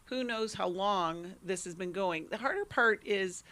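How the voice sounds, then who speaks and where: Gentle reassuring woman co-host. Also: mid-range voice, unhurried. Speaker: radio co-host. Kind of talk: call-in radio advice.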